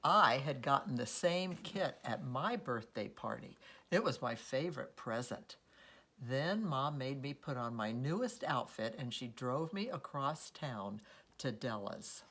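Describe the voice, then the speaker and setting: A woman reading a children's story aloud in an expressive, unhurried storytelling manner. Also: extremely low pitch, breathy edge. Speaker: storybook reader.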